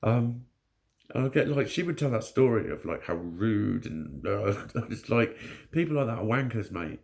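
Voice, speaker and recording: A man's voice: lowish voice, expressive, moderate pace, creaky, a little mellow. A man telling a story to camera in casual vlog talk, blunt and full of swearing, laughing often. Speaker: vlogger.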